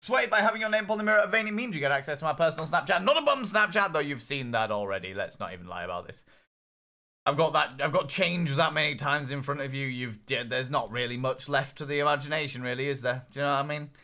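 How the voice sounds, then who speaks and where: A young man streams a game and talks straight to his chat. His banter is cheeky, teasing and full of swearing, and his voice has a bright, forceful edge. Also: on the high side, expressive, fast. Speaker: gaming streamer. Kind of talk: casual live-stream commentary.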